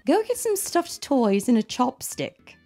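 A cheerful cartoon mother dog with an upbeat, coaxing way of talking, as a woman reading a storybook puts her on. Her pitch moves in a lively way, and soft music sits behind her. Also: a little slow, full character voice. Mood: playful.

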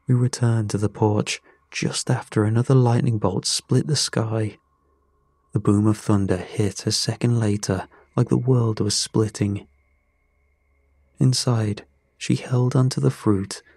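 A man narrates a first-person story in an unhurried, measured delivery. His voice is low-pitched and husky. The sound is close and dry. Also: darkish tone, no echo. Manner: slow, measured.

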